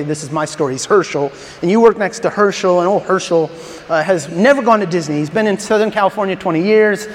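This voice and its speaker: Brief: high-voiced male pastor, animated storyteller who stumbles into restarts, long reverb in a large hall.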